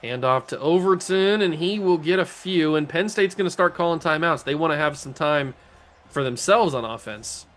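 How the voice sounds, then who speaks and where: A man's voice: on the high side, normal speed. Joking man narrating his own gameplay. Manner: joking, self-talking, swings between mutter and excited yells. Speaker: gaming channel host. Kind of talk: video game play-by-play commentary.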